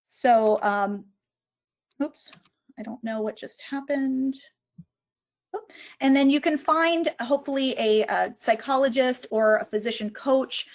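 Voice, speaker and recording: In an unhurried, high voice, a woman lectures online about physician well-being. Her explanatory approach walks through, step by step, how to approach a colleague who is struggling, modeling each conversation.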